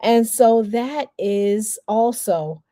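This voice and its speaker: A woman's voice: fairly high pitch, drawn-out words, dark tone, no room sound, clean studio sound. Candid woman coach telling her story. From New York area. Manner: candid, storytelling, acts out quoted people. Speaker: PR and communications coach. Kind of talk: masterclass talk with personal story.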